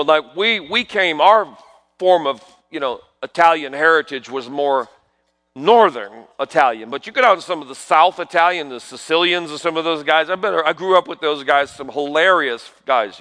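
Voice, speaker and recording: A middle-aged man preaching a sermon, swinging from hushed asides to loud proclamations and asking the congregation questions. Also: on the high side. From New York. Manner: peppers talk with rhetorical questions to the congregation.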